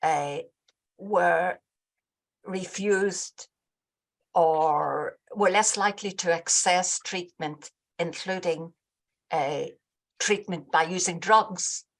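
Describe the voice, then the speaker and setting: A British woman in the audience at a meeting, asking a long question with hesitant pauses and insisting on finishing. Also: on the low side. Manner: hesitant, many fillers, holds the floor.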